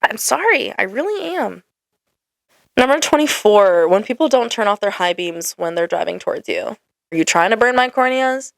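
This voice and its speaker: A woman's voice: medium pitch, very animated, normal speed, vocal fry, no room sound, clean studio sound. A young woman hosting a casual ranting monologue, exasperated and full of "like" fillers. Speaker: podcast host.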